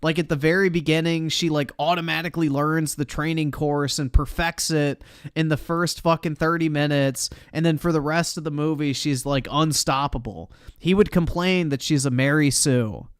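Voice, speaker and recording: A man's voice: a little high, fairly even intonation, moderate pace, clean tone, no echo, clean studio sound. A man streaming live, reacting to a video in a sarcastic, profane, exasperated way.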